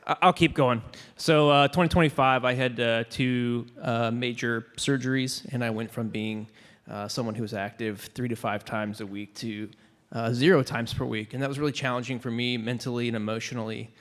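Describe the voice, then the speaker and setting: A man from the audience telling a personal story, hesitant and emotional, with many pauses. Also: medium pitch, steady tone, fairly bright tone, long reverb tail. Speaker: audience member sharing a story. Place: large conference hall.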